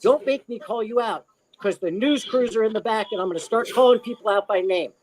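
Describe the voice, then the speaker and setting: A man impersonating a famous comedian who loudly heckles and mocks wealthy donors at a charity auction. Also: sits high, brisk, slight background noise, pitched above the performer's own voice, lightly acted, poor audio. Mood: brash heckling. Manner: loud, brash and mocking, heckling a crowd. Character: profane comedian bullying rich donors at an auction.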